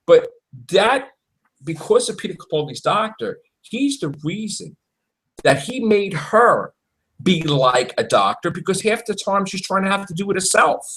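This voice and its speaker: A man talking in an animated, exclaiming way in a casual fan chat, acting out quotes as he goes. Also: high voice, measured pace, low-quality recording.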